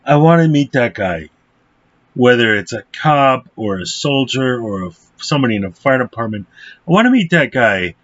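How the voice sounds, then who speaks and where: A man's voice: mid-range voice, sing-song, moderate pace, fairly bright tone. Casual male film reviewer with an ordinary mid-range voice. Blunt and profane, rambles with fillers, on a dull lo-fi recording.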